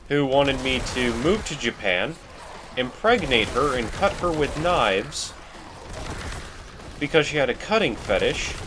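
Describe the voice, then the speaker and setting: Rambling gamer guy talking while he plays, very animated voice, faint noise behind. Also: medium pitch. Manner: rambling, self-deprecating. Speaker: let's play host. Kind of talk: casual gameplay commentary.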